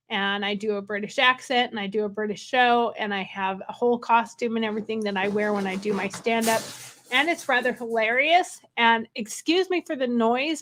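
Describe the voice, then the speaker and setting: A woman's voice: a little high, a bit bright. A woman hosting a casual livestream from a hotel room, rambling and wired, with frequent laughs. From California. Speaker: livestream host.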